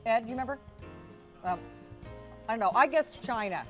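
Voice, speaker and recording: A woman's voice: on the high side, lively intonation, moderate pace, a bit bright, soft background music. A woman hosting a live home shopping show, chatty and talking while tasting food. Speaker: shopping channel host. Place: TV studio kitchen set.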